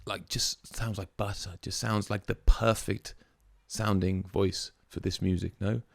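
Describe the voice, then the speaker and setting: A man's voice: sits low, fairly even intonation, a little slow, gravelly, dry recording. A man hosting a music reaction video, musing aloud in a casual, chatty way with plenty of fillers.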